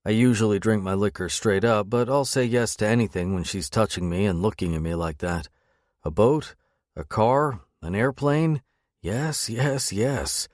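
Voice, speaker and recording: A man reads a first-person romance audiobook in a wry, sardonic tone. His voice sits on the low side for a man. The recording is close and dry, with no room sound. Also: moderate pace, darkish tone, no echo. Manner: wry, sardonic inner monologue. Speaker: audiobook narrator.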